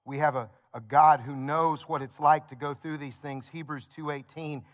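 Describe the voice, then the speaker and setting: A man's voice: fairly high pitch, fairly even intonation, moderate pace. A male pastor preaching a sermon in a conversational, story-telling way, building points with repeated phrases.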